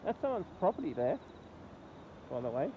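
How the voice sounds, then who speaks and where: A man's voice: a little high, big pitch swings. A man with an Australian accent and a nasal, congested voice, rambling through a casual phone vlog outdoors beside a flooded road. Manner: rambling, halting commentary. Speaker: vlogger. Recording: tinny, lo-fi phone audio with faint noise.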